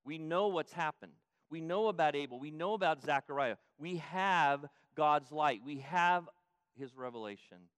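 A man's voice: on the high side, lively intonation, moderate pace, smooth, dry recording. Emphatic older male preacher, dry sound. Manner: emphatic, repetitive preaching that often restarts and rises to loud peaks. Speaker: pastor. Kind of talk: sermon.

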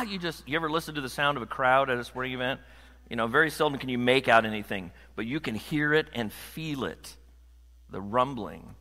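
A man preaching a sermon to a congregation in a conversational, animated way, joking with the room. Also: medium pitch, brisk. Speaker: pastor. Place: church sanctuary. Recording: long hall reverb.

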